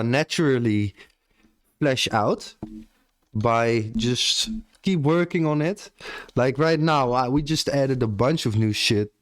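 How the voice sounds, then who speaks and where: Relaxed and casually profane, a young man with an Australian accent talks to his live stream audience and keeps ending lines with "bro." He has a mid-range, slightly bright voice, recorded with no room sound.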